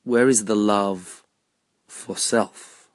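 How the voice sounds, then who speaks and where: A man giving a personal monologue, asking repeated rhetorical questions in a measured, deliberate way. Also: fairly low pitch, fairly even intonation, no room sound.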